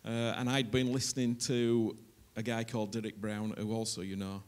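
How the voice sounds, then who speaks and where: Rambling pastor introducing guests. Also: male voice, on the low side, flat delivery, moderate pace. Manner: warm, rambling, hesitant with fillers. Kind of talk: church welcome talk. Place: church.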